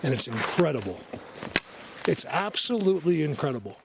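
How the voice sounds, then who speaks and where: A man's voice: fairly high pitch, moderate pace, vocal fry, very noisy. Rambling man vlogging in the woods. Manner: rambling, excitable, laughs often, drops to hushed tones. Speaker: vlogger, Bigfoot researcher. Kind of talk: casual hiking vlog. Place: snowy forest outdoors.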